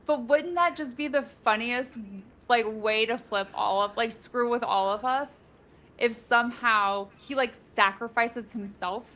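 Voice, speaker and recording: A woman's voice: on the high side, a little slow, pushed and bright. A woman co-hosting a casual live book discussion, speculating in a chatty way with many fillers.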